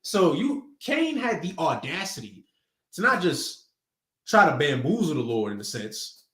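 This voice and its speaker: Male preacher, conversational slangy delivery, animated, echoey room. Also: fairly high pitch, moderate pace. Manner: casual street slang, conversational. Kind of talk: sermon teaching.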